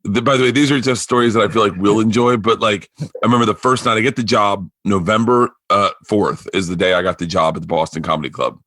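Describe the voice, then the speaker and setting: Bright-voiced man telling stories. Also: fairly low pitch, fast talker, dry recording. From Florida. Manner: rambling, animated storyteller who acts out quotes. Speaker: podcast host. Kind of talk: casual storytelling chat.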